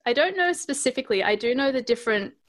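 An Australian woman with an Adelaide accent, chatting casually as a podcast co-host, hesitant with ums and quick to laugh. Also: high voice, lively intonation. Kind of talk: casual chat.

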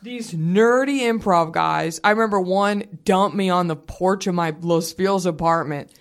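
A woman in her thirties hosting a podcast, with casual, profane, quick-fire storytelling. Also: fairly low pitch. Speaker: podcast host. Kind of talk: casual chat.

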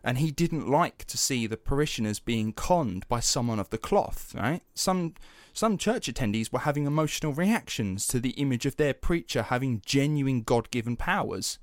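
A man's voice: medium pitch, normal speed, hardly any pauses, no echo. Man telling a story on a dry close mic. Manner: animated, swears freely, many fillers. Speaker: podcast host. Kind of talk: casual storytelling chat.

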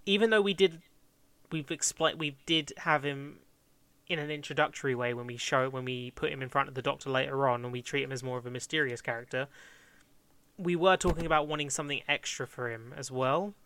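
A young man in casual chat, planning a script out loud, rambling and correcting himself as he goes. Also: medium pitch, fairly quick, clear, resonant tone. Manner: rambling, self-correcting, laughs often. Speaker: fan script co-writer.

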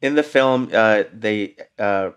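A man with a fairly low voice talking through a film in a casual chat. He is thoughtful and hesitant, pausing on fillers as he explains an idea. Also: clean tone. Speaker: podcast co-host.

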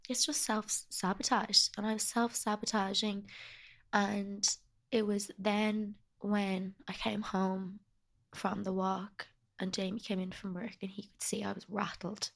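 A young woman talks as a guest in a candid conversation, her voice soft, emotional and halting. She speaks in a flat, even tone with a gravelly edge. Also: mid-range voice.

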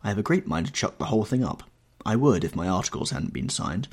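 A man's voice: lowish voice, very animated, quick pace, husky, full character voice. A man reading an audiobook, voicing a sullen, jealous sixteen-year-old boy who speaks bluntly and with menace.

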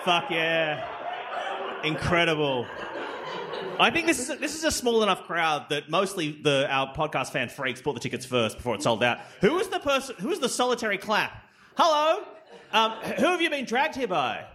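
A man's voice: high voice, very animated, sharp tone. A man co-hosting a live comedy podcast on a theatre stage, teasing his co-host and introducing the guests like an emcee. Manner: quick, teasing interjections and emcee-style introductions. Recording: live theatre with audible crowd.

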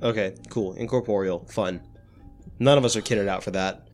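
A man's voice: lowish voice, normal speed, soft background music. A man playing a tabletop game, chatting in a dry, laid-back way. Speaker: player. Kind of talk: casual chat.

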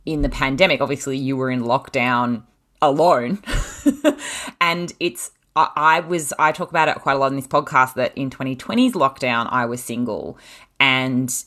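A woman hosts a casual podcast chat. Her voice is unusually deep for a woman, and she talks frankly, swearing freely as she goes. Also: normal speed, a bit bright. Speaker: podcast host.

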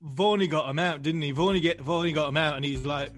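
A man's voice: a little high, steady tone, quick pace, a bit bright, faint music behind. A man chatting casually and recalling old matches with a friend, chuckling as he goes. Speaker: podcast guest, former cricketer. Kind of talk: casual chat.

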